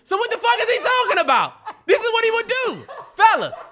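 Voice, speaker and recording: A man co-hosting a podcast, arguing in heated casual debate, animated and cursing as he tells stories. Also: very high voice, brisk. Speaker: podcast co-host.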